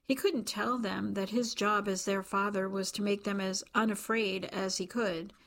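A woman volunteer reading a novel aloud for a radio reading service, calm and measured, voicing the dialogue. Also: medium pitch, vocal fry. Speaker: volunteer reader.

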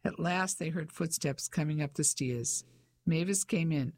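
An audiobook narrator reading a novel in an even, measured way. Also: mid-range voice. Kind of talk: scripted narration.

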